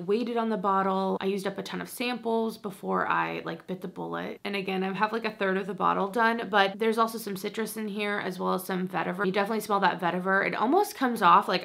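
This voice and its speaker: Young woman w/ lots of fry just chatting about scents, super gushy, says like a ton. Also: mid-range voice, fairly bright tone. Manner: chatty, gushing, lots of "like" fillers, laughs often. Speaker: beauty and fragrance creator. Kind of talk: casual chat review.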